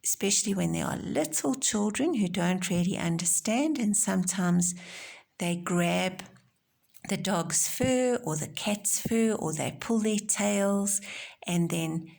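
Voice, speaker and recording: A woman teacher giving a recorded home-learning lesson to young children, explaining gently and simply. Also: mid-range voice, slow pace, vocal fry. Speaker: primary school teacher.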